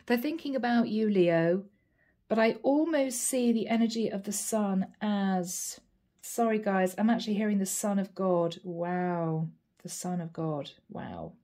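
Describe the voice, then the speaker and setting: Woman tarot reader, mellow tone, emotional, earnest, repetitive spiritual phrasing. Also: medium pitch, measured pace. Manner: emotional, breathy exclamations. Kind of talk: channeled tarot reading.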